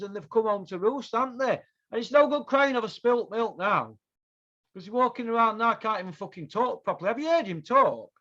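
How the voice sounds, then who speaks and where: A man's voice: high voice, fairly bright tone. A man hosting his own show, ranting angrily and swearing heavily about boxing. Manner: profane, heated, repetitive ranting. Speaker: podcast host. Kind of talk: angry ranting commentary. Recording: dull lo-fi sound.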